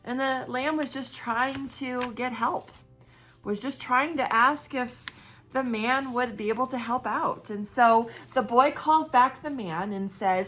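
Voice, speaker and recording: Soft background music accompanies a woman pastor whose bright, clear voice sits on the high side. She preaches at a measured pace in a warm, conversational way, asking direct questions and retelling a story with liveliness.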